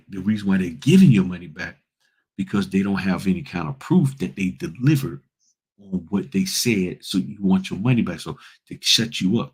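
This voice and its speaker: A man's voice: sits low, a little mellow, breathy edge. A man hosting a casual livestream, giving blunt, folksy advice and addressing viewers as y'all. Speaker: notary public and livestream host.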